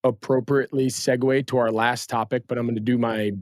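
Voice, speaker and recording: Man, podcast host, mid-range voice, measured and sympathetic, dry close sound. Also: medium pitch, little pitch movement, dry recording. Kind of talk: casual interview chat.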